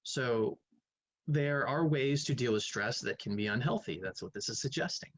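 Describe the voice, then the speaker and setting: A male math teacher works through quiz questions in a casual, thinking-aloud way, humming idly between them. His voice sits at an ordinary middle pitch. The recording is close and dry. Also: moderate pace, fairly bright tone, no room sound, poor audio. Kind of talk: recorded classroom lecture, reviewing quiz answers.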